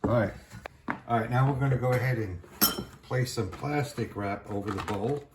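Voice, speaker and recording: A middle-aged man with a Brooklyn accent, hosting a casual cooking demonstration in a relaxed, plainspoken way. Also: mid-range voice, normal speed. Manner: relaxed, plainspoken, repeats "real simple". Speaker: cooking show host. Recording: noisy kitchen recording.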